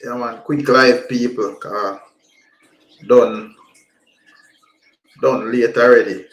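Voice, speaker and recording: A man's voice: mid-range voice, steady tone, takes it slowly, fairly bright tone, reverberant, highs cut off. A Jamaican man hosting a casual livestream, greeting viewers in patois. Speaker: livestream host.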